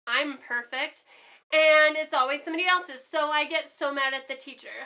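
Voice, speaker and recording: A woman's voice: high-pitched, moderate pace, bright, forceful tone. A woman teaching a lesson in a chatty way, acting out examples with many fillers. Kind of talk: classroom lesson.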